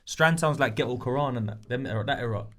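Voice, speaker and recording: Man, mid-pitched co-host, casual and agreeable. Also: fast talker. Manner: easygoing, agrees a lot and tags lines with "bro". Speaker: podcast co-host. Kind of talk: casual chat. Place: studio round a shared table.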